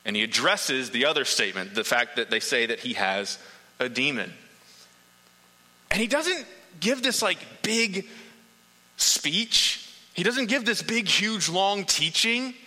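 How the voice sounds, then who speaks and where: Bright-voiced man preaching in a hall. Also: on the high side, big pitch swings, measured pace. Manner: earnest, emphatic repetition. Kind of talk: sermon.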